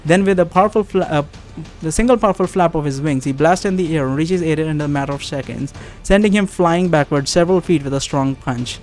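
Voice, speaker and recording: A man's voice: on the high side, a little fast, a little mellow, soft background music. Man playing through a text game aloud. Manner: reads with asides, laughs and restarts. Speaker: gamer reading aloud.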